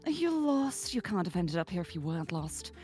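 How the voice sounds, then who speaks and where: A woman's voice: fairly low pitch, sing-song, normal speed, dark tone, faint music behind, pitched below the performer's own voice. A woman doing a purring sinister villainess. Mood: menacing. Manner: purring, patronizing, calls listener darling.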